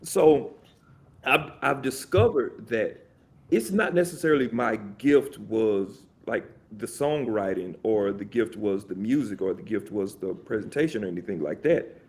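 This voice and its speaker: Animated, rambling man in casual chat. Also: on the low side, a little slow. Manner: animated, rambling, many fillers and restarts. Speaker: podcast guest.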